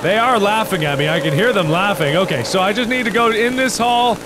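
A man's voice: high voice, lively intonation, fairly quick, heavy background noise. Jumpy young man narrating a horror game. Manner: jumpy, swings from mutters to yells. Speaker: gaming video host.

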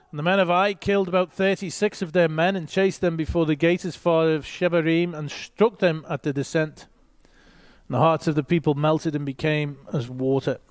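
A man's voice: on the high side, clean tone, no echo, studio quality. A man reading a Bible passage aloud and teaching, with short asides to his listeners.

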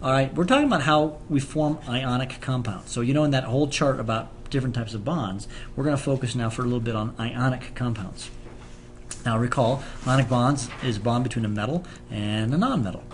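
A man's voice: medium pitch, fairly quick, slight background noise. A man teaching a chemistry lesson on video in a casual, joking way, explaining with fillers and restarts. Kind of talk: classroom lecture video with banter.

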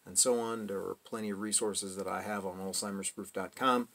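A man hosting his own channel, explaining a topic to camera in a measured, careful way, adding caveats and correcting himself as he goes. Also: on the low side, fairly even intonation, gravelly, a bit bright. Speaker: channel host.

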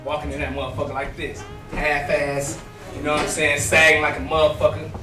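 A man's voice: fairly high pitch, monotone, a little fast, roomy sound, distant mic, over music. A man doing a crude, rambling stand-up comedy set in a small, nearly empty club, laughing at his own jokes.

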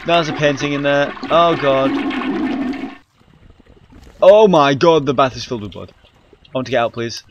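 A man's voice: medium pitch, steady tone, moderate pace, long pauses, noisy background. Jumpy scared man playing a horror game. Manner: jumpy, scared, swearing, frequent sudden yelps. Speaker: gaming YouTuber. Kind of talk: horror game let's play commentary. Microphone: handheld camera mic.

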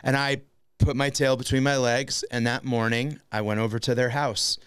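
A man hosting a casual comedy podcast, telling a self-deprecating story with lively energy and acted-out outbursts. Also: medium pitch, moderate pace, clean tone, dry recording, studio quality. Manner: animated, self-deprecating storyteller, acts out his own shouts. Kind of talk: casual chat.

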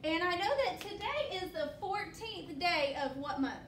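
Woman, teacher, high voice, patient call-and-response, echoey classroom, distant mic. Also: lively intonation, normal speed, fairly bright tone, a little hiss or hum. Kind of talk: classroom phonics lesson.

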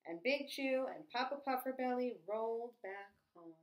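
A woman reading a picture book aloud to children in a gentle, expressive, sing-song way. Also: a little high, normal speed. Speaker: children's storyteller. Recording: echoey room.

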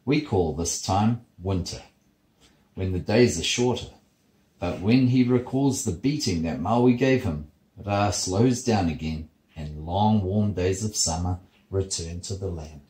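A man, a father reading a bedtime story steadily and gently in his child's bedroom. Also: low-pitched, measured pace, echoey room, low-quality recording.

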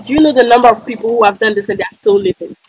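A woman's voice: on the high side, very fast, close to an everyday voice. An actress playing a pushy young woman who scornfully pressures her sister. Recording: dull, noisy recording.

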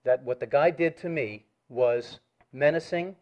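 Formal man reading a complaint. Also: mid-range voice. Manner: formal, measured, insistent. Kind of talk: reading a complaint over the phone. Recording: dull lo-fi audio.

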